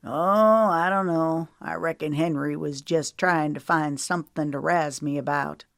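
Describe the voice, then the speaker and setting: An older husband, remorseful yet teasing, who speaks with a slow, drawling earnestness, as a woman narrator puts him on. His voice sits low and unhurried, recorded close and dry. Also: vocal fry, no room sound. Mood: apologetic.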